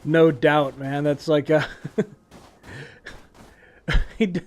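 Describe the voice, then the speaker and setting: A man's voice: on the high side, fairly even intonation, drawn-out words, a little mellow. A man streaming a game live, chatting casually and laughing often at what happens on screen. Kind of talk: casual live gameplay commentary.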